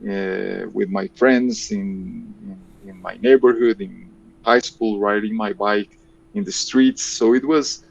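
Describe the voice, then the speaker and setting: A man's voice: fairly low pitch, steady tone, slow pace, gravelly, breathy edge, highs cut off. A man in his fifties with a Colombian Spanish accent, answering interview questions hesitantly and repeating words as he thinks. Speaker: guest, engineering professor.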